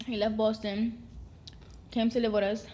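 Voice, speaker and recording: Woman, warm mellow tone, short supportive replies. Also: fairly high pitch, little pitch movement, normal speed. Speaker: co-host, family member. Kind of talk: casual family chat.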